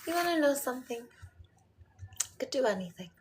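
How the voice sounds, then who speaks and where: A middle-aged woman speaking tenderly to her viewers like a mother, often sinking to a whisper and then bursting out loud. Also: high-pitched, very animated, normal speed, slightly rough. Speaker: host talking to her viewers. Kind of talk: intimate motherly address to viewers.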